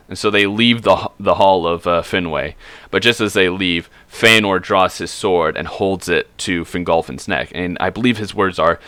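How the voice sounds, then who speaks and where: Low-voiced man rambling through a tale. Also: moderate pace, pushed and bright, clean tone, dry recording. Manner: rambling, swearing, self-correcting. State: drinking. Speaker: streamer. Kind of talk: casual retelling of a fantasy book.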